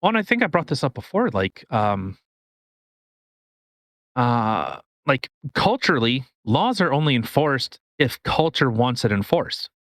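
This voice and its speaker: Bright, ranting profane man. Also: mid-range voice, measured pace, dry recording, studio quality. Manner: animated, profane, rambling with restarts. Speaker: podcast co-host. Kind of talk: casual political rant.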